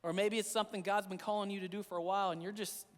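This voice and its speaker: A man preaches a sermon as a pastor in a church sanctuary, earnest and repetitive in a conversational way. His voice sits high, his delivery is flat, and he talks rapid-fire. There is a big-room sound.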